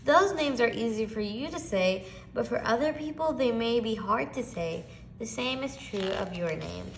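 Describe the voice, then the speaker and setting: A female reader voicing a calm, patient mother who asks gentle questions. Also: fairly high pitch, normal speed, a little hiss or hum, low-quality recording.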